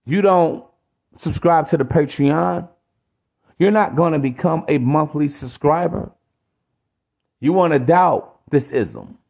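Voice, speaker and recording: Gravelly preachy male podcast ranter. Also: a little high, darkish tone. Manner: preachy, profane, repetitive. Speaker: podcast host. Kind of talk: ranting podcast monologue.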